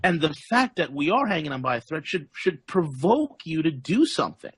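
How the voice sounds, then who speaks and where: An intense male interviewer with a husky edge, stammering over his repeated words. His voice sits a little high, and the recording is dry with no room sound. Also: big pitch swings, moderate pace, a bit bright, dry recording. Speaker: interview host. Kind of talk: interview conversation.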